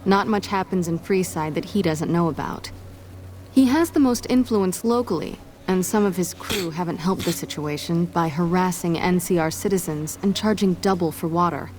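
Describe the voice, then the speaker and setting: A woman's voice: fairly low pitch, normal speed, a little mellow, slight background noise, close to an everyday voice. An actress voicing an earnest woman aid worker explaining local trouble in a video game. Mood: concerned.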